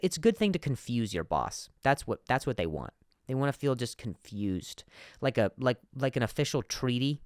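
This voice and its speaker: Comic male host, animated delivery, dry close sound, frequent word repeats and restarts. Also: mid-range voice, normal speed, no room sound. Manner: acts out quoted bosses and workers in shifting voices; repeats words and restarts often. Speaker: comedian podcast host. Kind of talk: comedic monologue.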